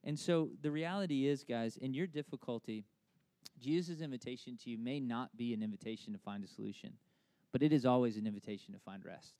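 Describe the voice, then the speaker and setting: Animated conversational male preacher, dry sound. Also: medium pitch, a little fast, dry recording. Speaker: pastor. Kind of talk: sermon.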